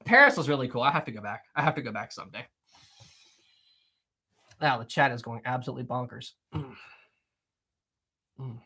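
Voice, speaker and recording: Casual live stream host, bright tense voice, chatty, says stuff twice. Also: mid-range voice, creaky. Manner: chatty, often repeats phrases. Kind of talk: casual live-stream chat, reading and answering chat.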